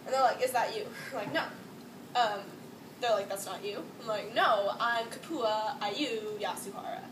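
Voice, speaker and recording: A young woman from Hawaii, a student, shares a personal testimony to a crowd in an echoey indoor campus space. Her kinda high voice moves at a moderate pace, and her casual, emotional storytelling is full of "like" and nervous laughs. The mic is distant, with background noise behind her.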